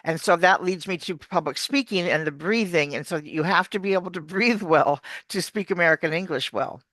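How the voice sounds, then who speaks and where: An accent coach giving explanatory interview answers like an animated teacher, demonstrating words. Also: medium pitch, brisk, no echo.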